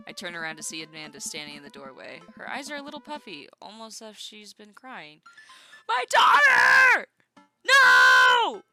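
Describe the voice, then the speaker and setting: Woman streamer reading a dating game out loud, lively pitch, game music going behind. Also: fast, hardly any pauses. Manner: playful, chatty.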